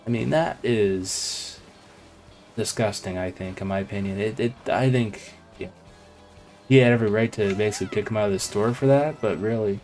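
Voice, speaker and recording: A man's voice: on the low side, normal speed, darkish tone, soft background music. A man hosting a live game stream, telling a long, digressive story in casual chat while he plays. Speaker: live stream gaming host.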